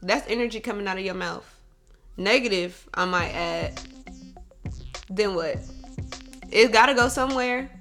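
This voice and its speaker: A woman talks straight to her audience in a casual monologue, blunt and full of cursing. She moves between loud, heated venting and quieter, reflective stretches in a mid-pitched voice. Faint music plays behind her. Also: unhurried, long pauses. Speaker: bartender.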